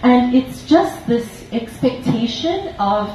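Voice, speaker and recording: A woman's voice: fairly high pitch, measured pace, hardly any pauses, far from the mic, slight background noise. Woman telling a story in an echoey room. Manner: earnest storytelling, animated when quoting. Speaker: relationship coach speaking to an audience. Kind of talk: personal story talk to a live audience. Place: event hall.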